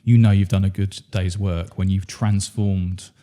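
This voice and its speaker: A man coaching on leadership talks in a thoughtful, unhurried way. He often restarts and repeats words while he works through a point. His voice sits low and warm. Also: flat delivery. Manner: reflective, repeats words as he thinks. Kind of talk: casual conversation.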